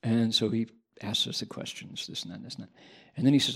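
A male Buddhist monk telling a story during a dharma talk, with lively sound effects and acted-out voices. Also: medium pitch, fairly quick, creaky, husky. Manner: animated storyteller who adds sound effects and acts out voices. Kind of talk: storytelling sermon.

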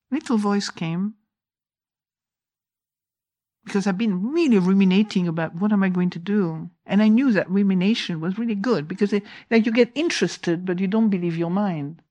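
A woman teacher giving an informal dharma talk, telling a lively story, laughing often and mimicking her own inner voice. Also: mid-range voice. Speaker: meditation teacher.

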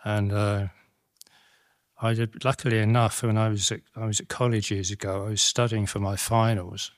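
Halting, low-voiced middle-aged Buddhist teacher. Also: male voice, dry recording, clean studio sound. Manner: halting and reflective, many restarts and tag questions. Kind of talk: Dhamma talk.

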